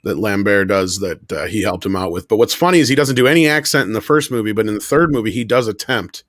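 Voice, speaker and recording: A man's voice: on the low side, lively intonation, fast, fairly bright tone, no echo. A man, a guest commentator on a film roundtable, talking casually with chuckling asides.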